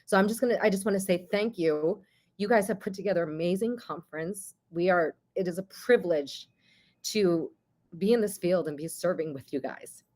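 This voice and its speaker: A woman, the board chair, giving warm, emotional closing remarks over a video call at a virtual conference. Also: lowish voice, normal speed. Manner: emotional, effusive, chatty.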